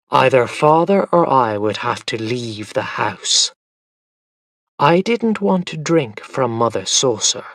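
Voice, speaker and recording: Slow, expressive male storybook narrator. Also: mid-range voice, dry recording, clean studio sound. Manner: slow, carefully enunciated reading with lively intonation. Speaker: audiobook narrator. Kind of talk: scripted story narration for English learners.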